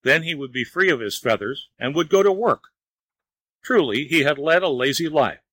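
A man narrating a storybook tale in a measured, even reading voice. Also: on the high side, no echo, rough recording.

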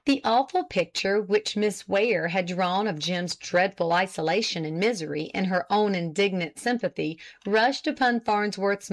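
A woman narrating an old novel aloud in a steady, measured storytelling manner. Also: medium pitch. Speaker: audiobook narrator.

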